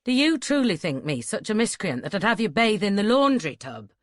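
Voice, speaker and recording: In an audiobook, a woman lightly acts the part of a testy, teasing young male scholar, raising her pitch above her natural voice. She speaks at a normal pace in a mid-range, fairly bright voice with lively intonation. The recording is dry and studio-clean.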